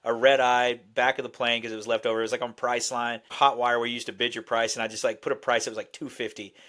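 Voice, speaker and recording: A man's voice: mid-range voice, flat delivery, fast, a bit bright. A man with a Texan accent, a podcast guest telling stories in an easygoing, folksy way. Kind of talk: casual podcast chat.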